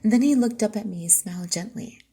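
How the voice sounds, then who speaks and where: A woman narrates a first-person romance audiobook with lively expression. Her voice sits at a middling pitch, and at tender moments she sinks into a soft, breathy near-whisper. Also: quick pace.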